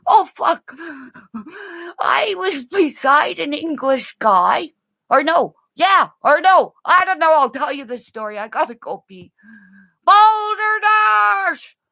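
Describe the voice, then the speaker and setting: A woman from Canada rambling through a livestream monologue, jumping between topics and bursting into shouts and silly rhymes. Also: sits high, big pitch swings, a little slow, no room sound. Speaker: vlogger.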